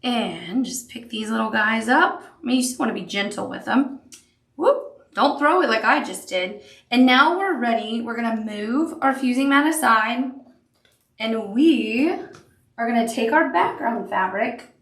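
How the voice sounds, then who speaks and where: A woman's voice: fairly high pitch, lively intonation, a little slow, fairly bright tone. Chatty woman teaching sewing. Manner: chatty, upbeat, talks while working. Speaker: sewing instructor. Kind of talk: crafting tutorial. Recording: echoey room.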